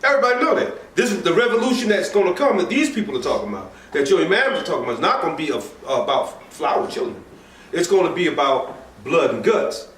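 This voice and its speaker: Animated man preaching in an echoey hall. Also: sits high, fast, a little hiss or hum. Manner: animated, conversational preaching with asides and laughter. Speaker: religious teacher. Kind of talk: informal sermon class. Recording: echoey room from far off mic.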